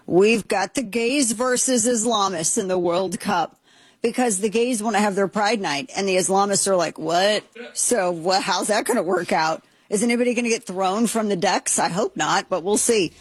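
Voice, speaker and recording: Husky lady radio host, dry close mic, lots of "oh my gosh" disbelief and jokes. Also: medium pitch, moderate pace, no room sound. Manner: incredulous, exclamatory, joking. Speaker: radio talk show host. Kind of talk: casual talk radio commentary.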